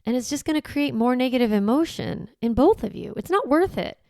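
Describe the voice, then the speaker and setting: A woman's voice: sits high, lively intonation, fairly quick, mellow, no echo, clean studio sound. A woman hosting a parenting podcast who explains things in a casual, reassuring way and keeps asking "right?". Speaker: parenting coach and podcast host. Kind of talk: conversational teaching podcast.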